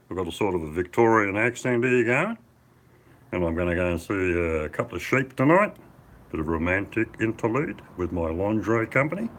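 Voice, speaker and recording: A man's voice: lowish voice, fairly bright tone, voice pushed up. A man putting on a chatty, rambling impression of a tipsy male mate with a posh lilt. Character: jovial tipsy middle-aged male mate, putting on airs.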